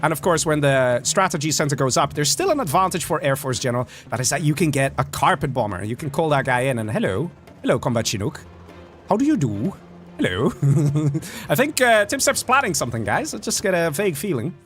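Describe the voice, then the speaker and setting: A man casting a live strategy game, excitable and chatty, joking with his chat. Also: a little high, fast talker, few pauses, soft background music. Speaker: game caster.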